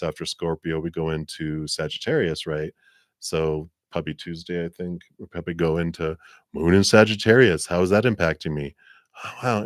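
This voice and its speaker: A man's voice: deep voice, no room sound, clean studio sound. A man giving a live tarot and astrology reading in a rambling, conversational way with many fillers. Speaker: tarot reader.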